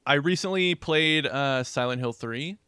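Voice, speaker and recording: A man's voice: medium pitch, measured pace, pushed and bright, clean tone, no echo, studio quality. A man co-hosting a gaming podcast, easygoing and a bit hesitant as he plugs his streams. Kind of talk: casual chat.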